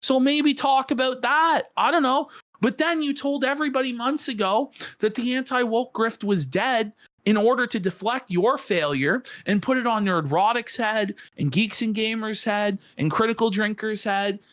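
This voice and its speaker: A man's voice: very high voice, normal speed, fairly bright tone, no room sound, clean studio sound. A man co-hosting a podcast, reacting to a clip with a profane, mocking rant. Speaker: podcast co-host.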